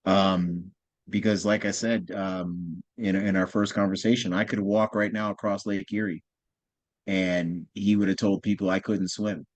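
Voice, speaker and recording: A man, a guest on a podcast, telling a personal story in a quiet, heartfelt, reflective way. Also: sits low, level tone, unhurried, no room sound. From United States.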